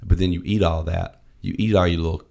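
Man, gravelly, lively storyteller, casual chat, swears freely. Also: low-pitched, fast talker. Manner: animated storyteller, swears freely, acts out voices.

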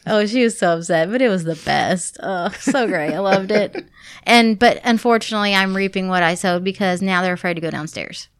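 Woman, 30s, podcast host, animated storyteller, laughs a lot, smooth clear voice, dry close sound. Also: medium pitch, normal speed, dry recording. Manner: animated storyteller, laughs often, acts out her kids' voices. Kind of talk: casual chat.

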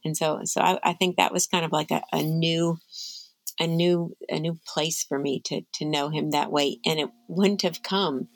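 Earnest woman with a gravelly voice. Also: sits low, fairly even intonation, normal speed, dry recording, low-quality recording. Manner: earnest, reflective, gets emotional. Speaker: author and guest. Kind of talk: candid interview answer.

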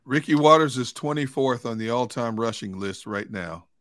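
A man's voice: medium pitch, animated, normal speed, fairly bright tone, no room sound, clean studio sound. A man co-hosting a sports talk show as a reporter, reeling off statistics and facts in easy conversation. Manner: rattles off stats and facts.

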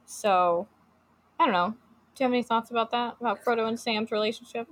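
A woman's voice: on the high side, fairly quick. A woman co-hosting a podcast in casual chat, talking with many fillers and restarts and reading book passages aloud. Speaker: podcast co-host.

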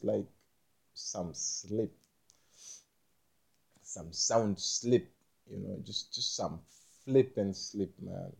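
A young man talking in a rambling monologue, halting and repeating himself, with frequent swearing. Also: lowish voice, gravelly, husky.

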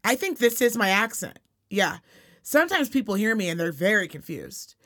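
A young woman from Reno co-hosting a podcast in casual chat, talkative and quick to swear and laugh. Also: mid-range voice, very animated, fairly bright tone. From Reno, Nevada. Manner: chatty, swears freely, laughs often. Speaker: podcast co-host.

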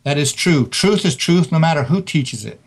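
A man's voice: a little high, expressive, normal speed, slightly rough. A man who is an author and guest, telling motivational stories in an interview with emphatic delivery. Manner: emphatic, tells anecdotes with quoted dialogue.

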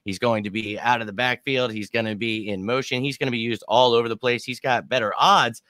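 A man talks through his football picks in a confident, explanatory way. His tone is bright and forceful, and the recording is dry with no room sound. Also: medium pitch, fairly even intonation, fairly quick, dry recording. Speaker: podcast panelist. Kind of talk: casual sports talk.

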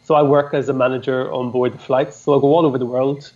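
A man's voice: mid-range voice, little pitch movement, fast, a little mellow. Man, mid-range voice, easygoing, laughs a lot, casual chat, muffled call sound. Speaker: airline cabin manager and company partner. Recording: dull lo-fi call audio.

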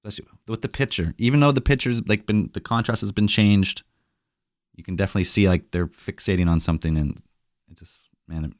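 A man co-hosting and editing a casual podcast, easygoing and quick to laugh. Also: fairly low pitch, no room sound, studio quality. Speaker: podcast co-host and editor.

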